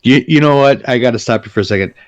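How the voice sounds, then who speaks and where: A man's voice: mid-range voice, rapid-fire. A man co-hosting a casual movie review podcast, rambling and repeating words as he talks. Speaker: podcast co-host. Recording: dull lo-fi sound.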